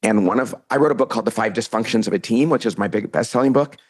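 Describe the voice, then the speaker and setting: Husky-voiced man telling an animated story. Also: lowish voice, fast. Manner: animated storyteller, acts out quoted lines. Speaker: podcast guest, author and CEO. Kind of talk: storytelling in a casual interview.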